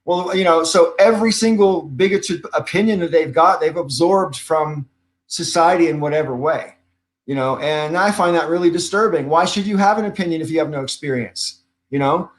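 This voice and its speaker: A man's voice: a little high, normal speed. A man co-hosting a casual panel podcast, speaking bluntly and swearing freely. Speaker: podcast co-host.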